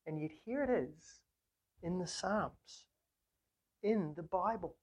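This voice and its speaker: Earnest low-voiced woman preaching. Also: expressive, takes it slowly, a little mellow, husky. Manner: earnest, with rhetorical questions and emphatic repetition. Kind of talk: sermon on a psalm.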